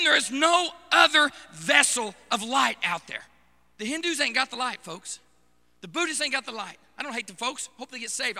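A male preacher delivering a fervent sermon, swinging from shouted exhortation to hushed, intimate asides. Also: very high voice, big-room sound.

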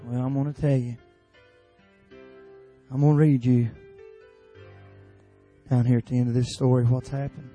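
A man preaching a sermon at a youth camp in an impassioned way, building from quiet appeals to shouted cries. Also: mid-range voice, little pitch movement, normal speed, pauses often, faint music behind.

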